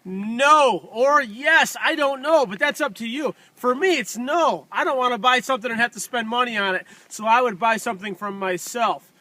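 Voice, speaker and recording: A man giving a loud, excitable, folksy sales pitch outdoors while walking around a truck for sale. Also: normal speed, hardly any pauses, no echo. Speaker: used truck dealer. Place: outdoors by a truck in freezing cold. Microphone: handheld camera filmed by a helper.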